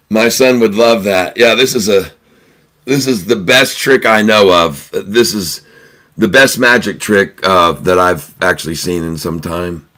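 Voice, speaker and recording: A man hosting a livestream, chatting casually and telling a joke, chuckling often. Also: on the low side. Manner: chuckles often, relaxed storytelling with fillers. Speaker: livestream host.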